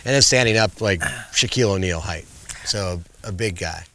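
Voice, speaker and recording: A middle-aged man in casual interview chat, an animated storyteller who acts out the commands he once gave his bear. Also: low voice, normal speed. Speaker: guest, wildlife filmmaker.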